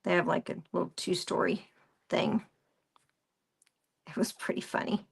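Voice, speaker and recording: A woman's voice: fairly low pitch, little pitch movement, measured pace, vocal fry, slightly rough. A woman presenting a craft live stream, rambling through a story and greeting viewers by name as she works. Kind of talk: casual chat while crafting.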